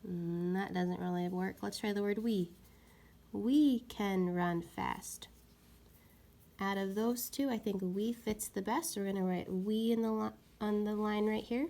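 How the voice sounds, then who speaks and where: A woman teaching young children a reading lesson, slowly sounding out words and patiently encouraging them. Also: mid-range voice, steady tone, mellow.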